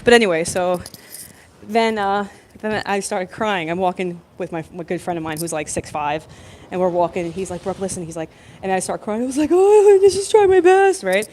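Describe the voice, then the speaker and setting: A young woman telling a work story on a live stream from her phone, chatty and animated, with lots of fillers and laughs. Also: fairly low pitch, slight background noise. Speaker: plumbing apprentice vlogger. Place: construction site building, indoors. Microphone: phone held in hand.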